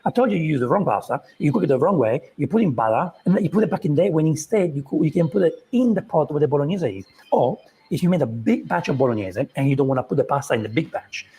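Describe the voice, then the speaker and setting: A man's voice: on the high side, animated, fast talker, few pauses, dark tone, breathy edge. A man, a chef, giving an exasperated running critique of a cooking video. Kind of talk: casual reaction commentary.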